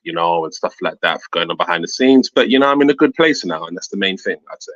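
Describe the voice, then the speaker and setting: A young man with a London accent talks through an interview in a loose, filler-heavy way. His voice sits low but has a bright edge. The sound is close and dry. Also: quick pace, no echo, highs cut off. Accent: London English. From London, England. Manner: relaxed, filler-heavy, laughs often. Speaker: guest comic creator. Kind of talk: casual interview chat.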